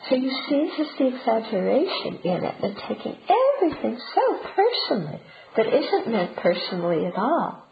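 A woman's voice: fairly high pitch, sing-song, moderate pace. A woman giving a conversational Buddhist teaching talk, often checking in with her listeners. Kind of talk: dharma talk. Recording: roomy, dull and noisy.

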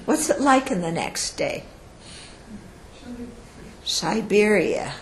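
A woman's voice: medium pitch, takes it slowly, echoey room, noisy background. A woman giving a Buddhist teaching to an audience in a conversational way, often checking in with listeners and acting out quoted speech. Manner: acts out quoted speech with lively shifts in voice. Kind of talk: dharma talk to an audience.

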